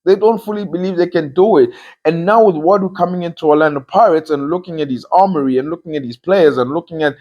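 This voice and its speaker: A man's voice: fairly high pitch, fast talker, dark tone, dull audio. A man hosting a football talk show, giving casual opinion commentary with emphatic, repeated phrases.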